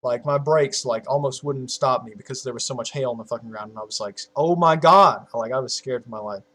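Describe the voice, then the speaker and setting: 21 yr old guy rambling to his viewers at his desk mic, swears a ton, laughs at his own jokes, mid-pitched voice. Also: fairly even intonation, quick pace. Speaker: YouTuber. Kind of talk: casual chat to viewers.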